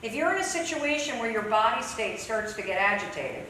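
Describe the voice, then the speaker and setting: A woman speaker talking straight to a live audience, emphatic and direct, her voice a touch high. The sound is very roomy and echoey, picked up from some way off, with a faint hum of the venue behind. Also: sing-song, fairly quick, hardly any pauses, bright, forceful tone. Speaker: motivational speaker. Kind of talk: live training talk to an audience. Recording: echoey hall, mic from a distance.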